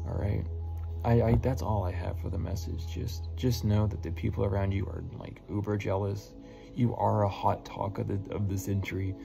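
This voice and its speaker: Low gravelly man with music behind. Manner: earnest and encouraging, repeats words, casual swearing. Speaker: spiritual healer giving messages. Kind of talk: heartfelt spiritual message to viewers. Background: music playing.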